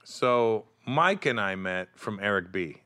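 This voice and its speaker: A man's voice: on the low side, a little slow. A man guest on a talk show, telling casual stories and acting out other people's lines. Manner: animated, acts out quotes in other voices. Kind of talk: casual storytelling chat.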